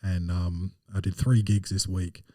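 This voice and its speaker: A man's voice: low-pitched, little pitch movement, measured pace, warm tone, no echo, studio quality, distant mic. A man, a stand-up comedian hosting his podcast alone, telling self-deprecating stories in a casual, rambling way. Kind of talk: casual solo podcast monologue.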